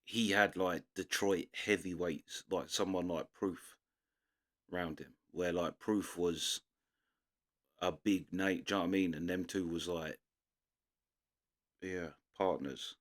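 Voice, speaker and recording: With a deep, steady voice, a young London man takes it slowly, leaving long pauses as he rambles loosely through casual reaction-video commentary full of restarts and fillers.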